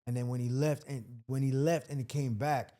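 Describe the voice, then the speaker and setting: A man, a comedian from Washington, D.C., chatting casually on a podcast and acting out quotes with sudden loud bursts. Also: mid-range voice, fairly even intonation, a little fast. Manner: storytelling, acts out quotes loudly. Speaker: comedian guest.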